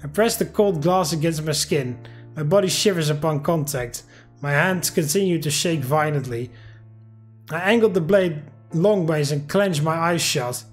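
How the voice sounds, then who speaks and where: A man's voice: a little high, moderate pace, soft background music. A man playing a visual novel, reading the text aloud in an earnest, emotional way with wry joking asides. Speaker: video game let's player.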